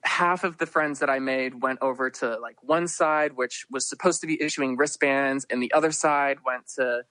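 Guy rambling thru a story, lots of "like", dry close sound, middle pitch. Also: steady tone, moderate pace, bright, forceful tone, no room sound. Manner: rambling, heavy use of "like", acts out quotes. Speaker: podcast guest, festival attendee. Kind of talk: casual storytelling.

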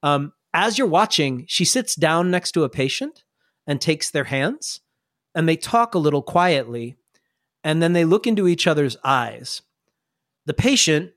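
A man with a somewhat high voice narrating a tabletop game as game master. He rambles in a relaxed way, filling pauses as he describes scenes. The sound is dry and close. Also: no echo.

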